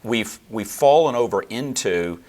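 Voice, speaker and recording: A man with a very low voice explains church history and doctrine in a measured, lecturing way. He pauses with fillers and restarts as he thinks, building long explanations. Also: animated, a little mellow. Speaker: theologian guest. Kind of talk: explanatory interview answers.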